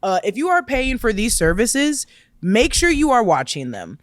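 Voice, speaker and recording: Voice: mid-range voice, wildly swooping pitch, normal speed, dry recording, clean studio sound. Chatty co-host who laughs a lot. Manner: chatty, laughs often, playful. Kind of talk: casual chat.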